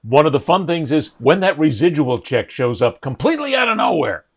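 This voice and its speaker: A man's voice: a little high, very animated, fairly quick, vocal fry, slightly rough. Man co-hosting a joking sports podcast. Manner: jokey, plugging sponsors with mock hype. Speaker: podcast co-host. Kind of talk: casual sports talk.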